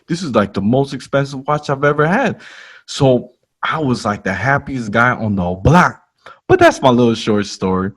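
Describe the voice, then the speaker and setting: A man's voice: mid-range voice, expressive, moderate pace, breathy edge. A man with a Chicago accent hosting a podcast, talking in a playful, hyped-up way with slang and laughter. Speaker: podcast host. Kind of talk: casual podcast chat.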